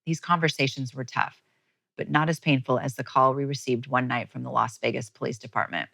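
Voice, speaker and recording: A woman's voice: rumbling low, fairly even intonation, fairly quick, vocal fry, pushed and bright, no echo, low-quality recording. A woman podcast host telling a heartfelt personal story in a storytelling monologue, emotional at moments.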